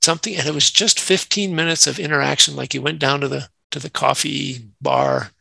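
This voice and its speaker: A man's voice: fairly high pitch, steady tone, brisk, vocal fry, pushed and bright, husky, no echo, rough recording. A man, a nonprofit CEO, talking earnestly in an interview and telling workplace stories. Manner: earnest, acts out quoted dialogue in anecdotes. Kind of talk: conversational interview storytelling.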